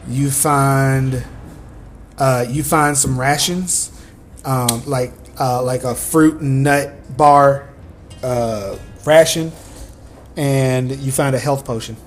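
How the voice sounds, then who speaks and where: A man's voice: mid-range voice, fairly even intonation, slow, slight background noise. A man running a tabletop game as game master, narrating in a rambling way full of fillers.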